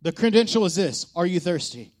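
A male pastor preaching a sermon in an animated manner, shifting between loud calls and hushed lines and asking the congregation questions. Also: high-pitched, a little fast.

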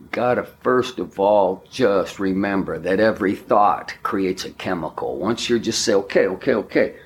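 A man giving a spiritual talk, speaking slowly and emphatically, with repeated affirmations. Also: low-pitched, fairly bright tone, a little hiss or hum. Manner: slow, emphatic, repetitive affirmations.

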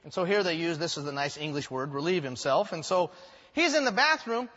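A man preaches from the pulpit with a high, bright voice, telling stories animatedly and dropping in joking asides. The sound rings through a large echoing hall and comes across muffled and dull. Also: expressive, fairly quick. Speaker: pastor. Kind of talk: sermon.

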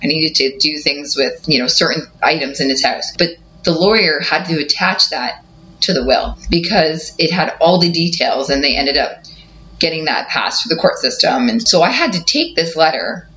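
A woman co-hosting a podcast, candidly retelling a painful personal story in an emotional, animated way. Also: low-pitched, normal speed. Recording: slightly dull audio with faint noise.

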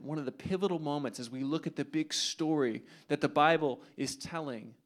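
A man preaching a sermon, retelling a scripture story dramatically and dropping to hushed asides. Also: medium pitch.

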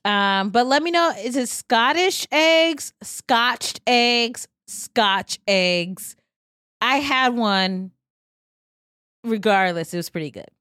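Lively, animated woman podcast host. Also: on the high side, slow, no room sound, clean studio sound. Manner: animated, joking, playful teasing. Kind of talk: casual podcast chat. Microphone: studio mic.

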